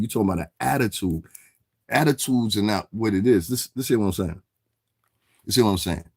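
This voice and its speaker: A man's voice: medium pitch, a little mellow, no echo, clean studio sound. A man, hosting a casual stream and rambling through street-slang commentary while answering viewers in chat. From New York City area. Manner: rambling, streetwise slang, keeps asking "you understand what I'm saying". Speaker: livestream host.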